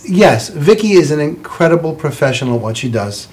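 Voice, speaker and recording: A man's voice: fairly high pitch, big pitch swings, a little fast, darkish tone. A man hosting a studio talk show, praising his guests in an effusive, rambling way. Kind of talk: chatty studio interview. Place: television studio.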